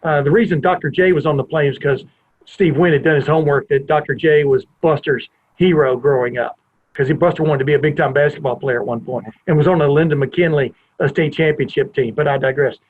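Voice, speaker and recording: A podcast host with a somewhat high voice talks a little fast, telling a long, rambling anecdote from his home family room and frequently wandering off on tangents. The line sounds tinny, like a phone.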